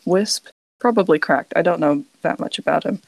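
A young woman on a casual podcast, deadpan and rambling as she talks. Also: fairly low pitch, moderate pace, creaky, dry recording, rough recording. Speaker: podcast co-host. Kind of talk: casual chat.

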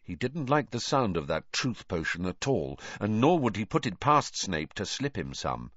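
A man with a low voice narrates a story, and his pitch rises and falls in a lively way. The recording is dry and close, with a dull, muffled top end. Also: normal speed, no echo. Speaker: audiobook reader. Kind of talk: scripted narration.

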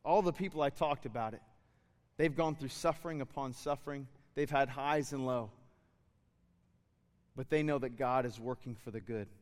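A man's voice: medium pitch, normal speed, long pauses, long reverb tail. Man preaching a conversational sermon. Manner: conversational, building to fervent exhortation. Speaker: pastor.

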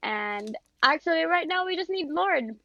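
A woman's voice: very high-pitched, moderate pace, crowd noise. A young woman co-hosting a casual podcast, gushing and joking about herself. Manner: animated, gushing, self-deprecating jokes. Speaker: podcast co-host. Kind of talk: casual chat. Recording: dull lo-fi recording.

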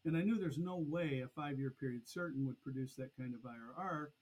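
A middle-aged man, a podcast guest, telling a long story in a lively conversational way. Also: mid-range voice, brisk, breathy edge, rough recording. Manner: animated, acts out past conversations. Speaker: podcast guest, annuity expert.

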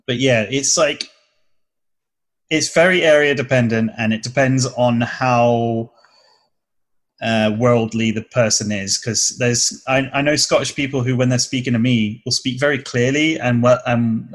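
A man's voice: medium pitch, steady tone, unhurried, rough recording. A man in casual conversation, talking in a rambling, chatty way and often correcting himself mid-sentence. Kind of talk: casual chat.

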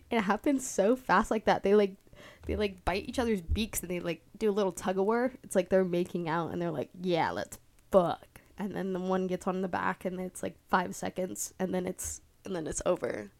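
A woman's voice: medium pitch, steady tone, normal speed, vocal fry, darkish tone. A young woman from the Bay Area hosting a casual solo podcast, rambling with lots of fillers and laughing easily. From San Francisco Bay Area. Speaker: podcast host.

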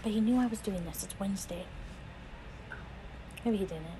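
A woman's voice: medium pitch, moderate pace, noisy background. A woman co-hosting a casual podcast, talking bluntly and dismissively, with lots of swearing. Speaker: podcast co-host. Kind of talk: casual chat.

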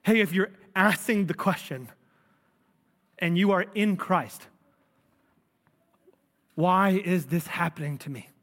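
A man's voice: sits high, takes it slowly, pauses often, a bit bright. A male pastor delivering a sermon in an earnest, emphatic preaching manner. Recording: long reverb of a large hall.

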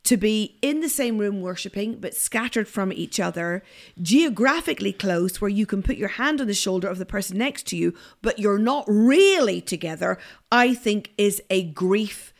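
A woman's voice: mid-range voice, expressive, normal speed. A woman, co-hosting a faith podcast in chatty, emphatic conversation. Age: 40s. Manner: chatty, laughing, emphatic when preaching. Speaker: podcast co-host. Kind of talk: casual chat, faith podcast.

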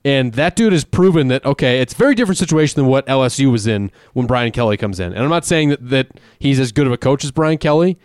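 A man hosting a casual sports betting podcast, talking in quick, rambling runs with many fillers. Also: medium pitch, animated, darkish tone, clear, resonant tone, dry recording. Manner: fast, rambling, full of fillers and restarts. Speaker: podcast host.

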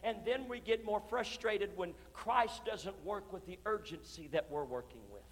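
A pastor preaching an impassioned sermon in a church, moving from hushed, drawn-out lines to shouted declarations. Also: male voice, high-pitched. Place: church sanctuary. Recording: long reverb of a church hall.

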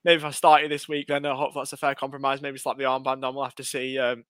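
A man's voice: mid-range voice, monotone, racing, a bit bright, no room sound. A man co-hosting a fantasy football podcast, bantering and plugging the show. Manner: bantering, calls people mate. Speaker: podcast co-host. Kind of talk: casual fantasy football chat.

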